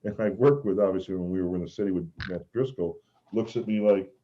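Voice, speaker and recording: A man's voice: sits low, fairly quick. A man telling rambling stories as a former mascot guest on a video call. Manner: rambling, animated, shouts out quoted lines. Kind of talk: casual storytelling on a video call. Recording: dull lo-fi video call audio.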